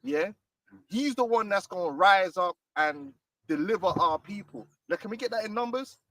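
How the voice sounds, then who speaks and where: Man, high bright voice, fiery street preaching, dry distant sound, outdoors. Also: animated, normal speed. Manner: fiery, emphatic, repeats "man".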